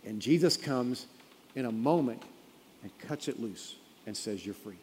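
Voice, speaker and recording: A man preaching a sermon, telling a story and then pressing the point, rising to emphatic peaks and dropping quiet. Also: mid-range voice, expressive, a little slow, a little hiss or hum. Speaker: pastor. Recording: long reverb of a large hall.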